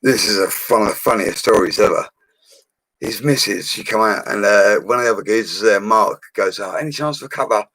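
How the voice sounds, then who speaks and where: A man's voice: lowish voice, normal speed, fairly bright tone, no echo, poor audio. A man of forty with a London accent, telling stories about his bricklaying work in a casual, blunt way. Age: 40s. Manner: chatty and blunt, with slang and mild swearing. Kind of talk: casual storytelling livestream.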